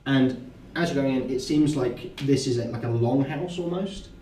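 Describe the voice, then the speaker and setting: A man narrating as game master in a halting, descriptive way. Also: mid-range voice, warm tone, slight background noise. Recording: roomy, distant mic.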